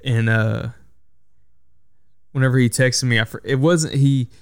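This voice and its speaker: A young man tells a story on his own podcast, rambling and cursing, circling back to fix his words as he goes. His voice is smooth and resonant. The sound is dry and close, with no room around it. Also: medium pitch, fairly even intonation, unhurried, no room sound. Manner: rambling, profane, self-correcting storyteller. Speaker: podcast host. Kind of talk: casual solo podcast storytelling.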